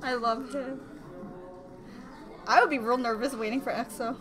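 A woman reacting to a music video, with excitable, gushing exclamations and a little out of breath. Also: a little high, normal speed, a crowd in the background. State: slightly out of breath. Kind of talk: casual reaction commentary. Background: music video playing.

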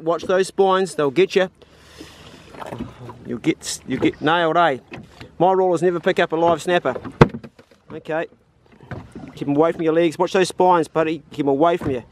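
A man giving excited, encouraging commentary while fishing from a boat, whooping at each catch. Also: high voice, normal speed, long pauses, a little hiss or hum. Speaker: fishing channel host. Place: outdoors on a small fishing boat.

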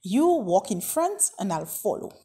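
A woman voicing a scruffy, protective homeless man who speaks bluntly and loudly. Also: mid-range voice, sing-song, unhurried, breathy edge. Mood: gruff.

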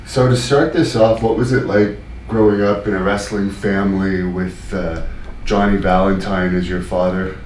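A man hosting an interview, asking plain, steady questions. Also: low voice, moderate pace. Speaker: interview host. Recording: roomy, distant mic with faint noise.

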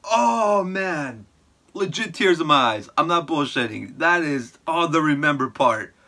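Bright, excitable male reaction host. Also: a little high, unhurried. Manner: excitable and emotional, keeps calling viewers "my boys". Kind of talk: excited reaction video chat.

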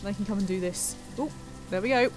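A playful, chatty woman, commenting as she builds a town in a live game stream. She thanks viewers, muses aloud and talks to herself, her voice sitting at a middle pitch. Faint music plays behind her. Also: brisk.

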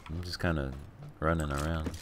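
A man's voice: very deep voice, little pitch movement, moderate pace, very noisy. A young man streaming a game, bantering and laughing casually with a friend. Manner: joking, laughing often. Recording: keyboard clicks behind voice.

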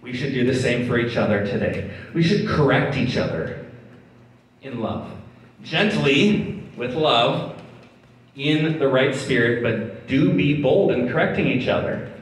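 A man's voice: mid-range voice, expressive, a little slow, long pauses. A man pastor preaching a sermon in a conversational way, with laughing asides, in a church hall. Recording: very echoey hall, distant mic.

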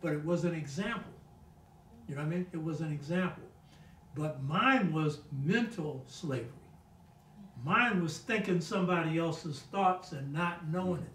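A man's voice: fairly high pitch, normal speed, fairly bright tone, reverberant, far from the mic, a little hiss or hum, rough recording. An older man on a talk show telling family stories in a casual, emphatic way, often asking "you know what I mean?". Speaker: guest speaker on a talk show. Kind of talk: casual storytelling conversation.

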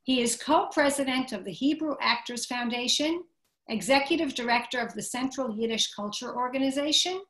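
A woman host, an editor, reading a scripted introduction and then interviewing a guest on a video call, measured and clear. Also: high-pitched, fairly bright tone. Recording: echoey room on a video call.

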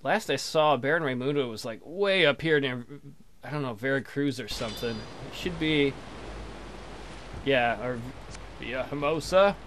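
A man's voice: medium pitch, lively intonation, normal speed, fairly bright tone, a little hiss or hum. A young man casually commentating as he plays a game, crude and joking, trash-talking the enemy ships. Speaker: let's play commentator.

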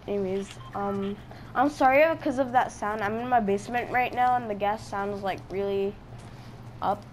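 A woman hosting her own gaming channel and giving gameplay commentary from her home basement. She opens with a loud, excited intro, then drops to quiet muttering while she plays. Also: mid-range voice, moderate pace, slight background noise, poor audio. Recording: clear background music.

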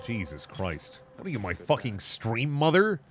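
A man's voice: mid-range voice, sing-song, normal speed, very noisy. A man streaming a video game, ranting and swearing in a casual, mock-outraged way. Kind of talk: casual gaming stream commentary.

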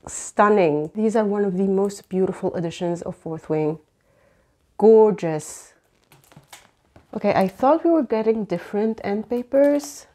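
Slow-talking gushing woman unboxing books. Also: mid-range voice, warm tone. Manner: gushing, exclamatory, frequent gasps. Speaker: book vlogger. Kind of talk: unboxing vlog chat.

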